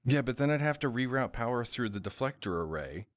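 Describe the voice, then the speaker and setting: A man's voice: medium pitch, animated, a little fast, dry recording. A man hosting a casual livestream chat, jokey and rambling, with many restarts. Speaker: host.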